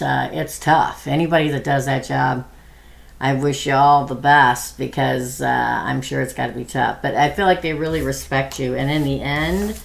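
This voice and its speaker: Middle-aged woman tarot reader, gravelly, faint hiss behind, chatty live reading style. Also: rumbling low. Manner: chatty, thinking aloud with many ums; reads viewer questions aloud and answers them.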